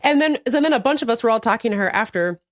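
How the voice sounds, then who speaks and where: A woman co-host tells a story in casual, profane chat, her somewhat high voice rising and falling with lively swings. The sound is close and dry, with no room around it. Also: quick pace, dry recording. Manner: animated, profane, acts out other people's lines. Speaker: podcast co-host.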